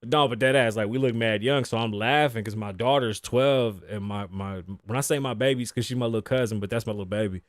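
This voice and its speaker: A man's voice: medium pitch, a little fast, hardly any pauses, no room sound, clean studio sound. A man in his thirties hosting a casual solo talk show, cursing freely, joking, laughing often and dropping in Spanish phrases. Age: 30s. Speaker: podcast host.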